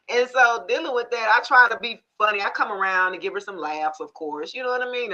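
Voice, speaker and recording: Very bright, frank-talking woman tarot host. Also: mid-range voice, dull audio. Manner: animated storyteller, frank and cussing, asks the audience for agreement. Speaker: tarot reader hosting a live stream. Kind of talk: casual live-stream chat.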